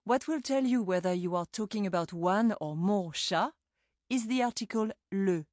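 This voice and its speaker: A woman's voice: medium pitch, animated, moderate pace, darkish tone, dry recording, clean studio sound. A woman reading a scripted language lesson for an audiobook, demonstrating words carefully. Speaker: language tutor.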